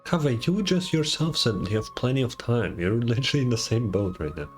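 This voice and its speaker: A man's voice: medium pitch, big pitch swings, brisk, faint music behind. A man streaming a game, casually joking and reading out the story text. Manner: joking, offhand, silly noises. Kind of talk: casual gameplay commentary and reading.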